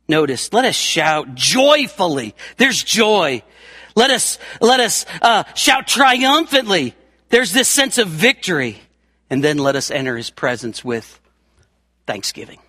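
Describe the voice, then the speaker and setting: Middle-aged guy preaching, high bright voice, dry close sound, gets loud then real quiet, repeats stuff for punch. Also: no echo. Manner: emphatic, repeats words for stress, swings from loud to soft. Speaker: pastor. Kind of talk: sermon.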